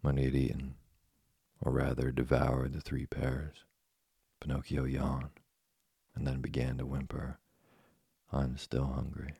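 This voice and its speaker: A man narrates a storybook in a very deep, flat voice. He sounds dark, husky and gravelly. The recording is dry and close. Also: a little slow, no echo. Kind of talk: storybook reading.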